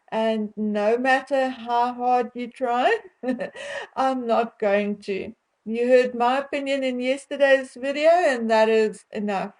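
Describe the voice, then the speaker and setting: Slow-talking South African woman vlogger. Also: fairly high pitch, a little mellow, rough recording. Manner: opinionated, chatty, laughs between remarks. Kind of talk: casual chat to viewers.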